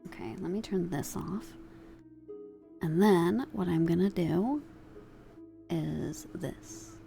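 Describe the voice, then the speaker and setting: A woman's voice: lowish voice, slow, vocal fry, mellow, faint music behind. A woman streamer chatting casually with her live chat, giggly and swearing freely, at a desk microphone at home.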